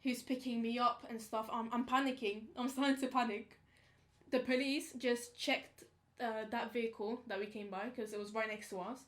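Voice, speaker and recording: A young woman, casually telling a story on a podcast in slangy, animated talk. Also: a little high, moderate pace. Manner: animated, slangy, acts out quotes. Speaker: podcast co-host.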